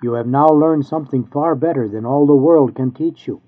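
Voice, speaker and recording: Male reader, earnest measured sermon delivery, mid-range voice, phone-thin audio. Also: medium pitch. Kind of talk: reading an old sermon aloud. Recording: tinny phone-like sound.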